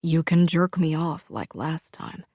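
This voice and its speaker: A woman reading the part of a calm, commanding young man in a low, hushed voice for an audiobook. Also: a little slow, no room sound, studio quality. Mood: low intimate.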